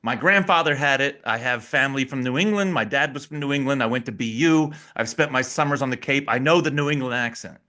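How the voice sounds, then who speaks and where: A man who is a guest analyst on a sports podcast, telling stories in a lively, casual way and laughing often. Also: mid-range voice, fast, hardly any pauses. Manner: animated storyteller, laughs often.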